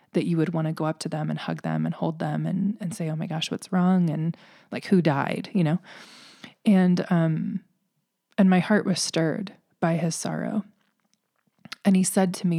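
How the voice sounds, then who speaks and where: A woman's voice: low-pitched, mellow, no room sound, clean studio sound. A woman hosting a faith podcast, speaking earnestly and emotionally in a heartfelt, preaching monologue. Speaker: podcast host.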